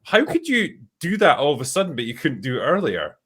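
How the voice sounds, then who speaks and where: A man's voice: on the high side, huge pitch swings, fairly quick, fairly bright tone, slightly rough. Exasperated sweary man in casual chat. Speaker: host.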